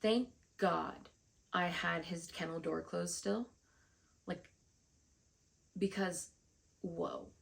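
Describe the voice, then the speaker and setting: A woman's voice: fairly low pitch, vocal fry. A woman vlogger telling a story casually, frustrated and swearing often, acting out the dialogue she quotes.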